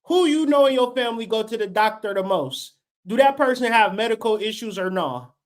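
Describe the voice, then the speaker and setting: Lively intonation and a slightly fast delivery mark this high-pitched man's livestream rant. In his late thirties, the host is unscripted, profane, fired-up and preachy.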